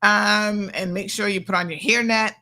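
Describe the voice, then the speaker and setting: A woman's voice: medium pitch, fairly even intonation, moderate pace, pushed and bright. Chatty woman hosting radio. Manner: chatty, playful, reads out listener messages. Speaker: radio show host. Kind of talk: casual chat with listeners. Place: radio studio.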